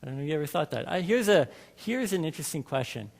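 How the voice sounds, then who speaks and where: A man's voice: on the high side, big pitch swings, fast, creaky. A man preaching a sermon in a church, talking to the congregation in a conversational way and asking them many questions. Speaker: lay preacher. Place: church sanctuary. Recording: hall reverb from a church.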